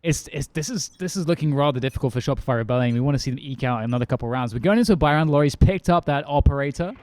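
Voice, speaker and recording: A young man casting an esports match play-by-play, brisk and light-hearted, with self-deprecating jokes. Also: mid-range voice, a little mellow, dry recording. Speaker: esports caster. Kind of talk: play-by-play commentary. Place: lives in California, casting remotely from London.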